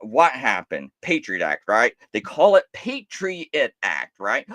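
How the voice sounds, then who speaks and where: A man's voice: mid-range voice, very animated, unhurried, few pauses, bright, forceful tone, dry recording. A man hosting a live stream, giving impassioned commentary full of rhetorical questions, restarts and mocking quoted voices.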